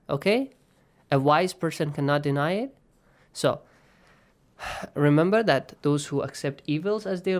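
Quran teacher guy walking students through tajweed, explains slowly, checks in a lot. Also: high voice. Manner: explains patiently, often checks with "yes?" and "okay?". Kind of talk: online tajweed lesson.

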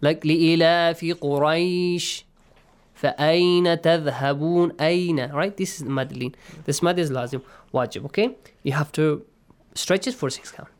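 A man teaching Quran recitation rules. He explains patiently, checks in with his students, and chants verses in a slow, stretched way. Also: on the high side, lively intonation. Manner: patient, checks in often with "okay?" and "yes?". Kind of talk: online class, explaining and reciting.

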